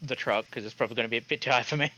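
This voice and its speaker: A man's voice: mid-range voice, racing, bright, forceful tone. A man playing in a tabletop game, talking casually and joking, swearing freely. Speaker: player. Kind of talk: tabletop role-play chat.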